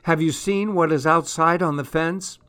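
A man's voice: on the high side, steady tone, moderate pace, fairly bright tone, clear, resonant tone, pitched above the performer's own voice, lightly acted. A man voicing a frightened young boy in a storybook reading. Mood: shaken. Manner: shaken, urgent.

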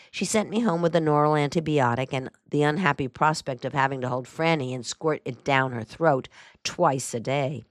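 A woman reading a first-person memoir aloud as a narrator, in a dry, even storytelling manner. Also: low-pitched, dry recording. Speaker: audiobook narrator.

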